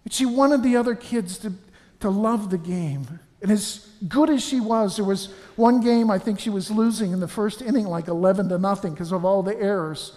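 A man delivers a funeral homily in a church, earnest and anecdotal, often stumbling and restarting his words. His voice sits high for a man, and it rings out with long reverb from the church. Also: normal speed, a little mellow.

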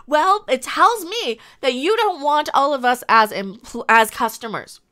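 A woman's voice: high voice, expressive, a little slow, bright, forceful tone. A woman ranting angrily in a commentary video, repeating herself and swearing constantly. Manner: angry, exasperated ranting with heavy swearing and repetition. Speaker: YouTube commentator.

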